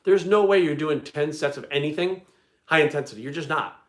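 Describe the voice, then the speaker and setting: Fast-talking blunt man. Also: fairly high pitch. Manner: blunt, profane, rapid talk. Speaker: fitness livestream host. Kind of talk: casual livestream chat.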